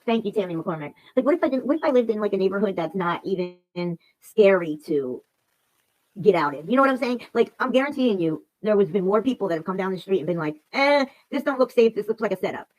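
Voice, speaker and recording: A woman in her forties hosts a livestream and rants fast and loose. She swears freely and circles back on her own words, clearly upset and emotional. Her voice sits in a medium range. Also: medium pitch, lively intonation, a little mellow, low-quality recording. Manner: profane, rambling, repeats herself. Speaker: livestream host. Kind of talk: casual ranting livestream chat.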